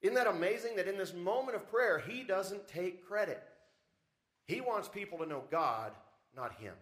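Captured in a church service recording, a man preaches as pastor with a high, animated, fairly bright voice at a moderate pace. His emphasis climbs as he poses frequent rhetorical questions to his congregation.

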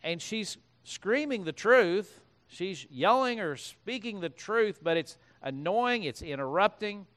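A man's voice: sits high, animated, slow, hardly any pauses, a bit bright. A man preaching a sermon as pastor, reading scripture aloud and breaking off into conversational asides.

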